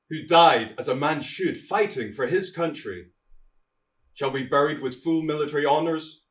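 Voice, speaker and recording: A man performs a commanding king in a stage play, declaring his will with force and then dropping to a cold, level hush. His voice sits at an ordinary middle pitch for a man, and he sounds grave and unbending throughout. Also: distant mic, close to an everyday voice. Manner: declamatory, swings from loud proclamations to cold quiet threats. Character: stern commanding male king laying down the law.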